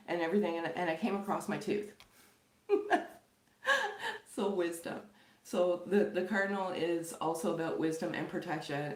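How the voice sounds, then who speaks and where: Rambling, chatty woman in an echoey room. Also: low-pitched. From Canada. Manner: rambling, chatty, laughs often, many fillers. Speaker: tarot reader. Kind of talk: casual spiritual chat to viewers.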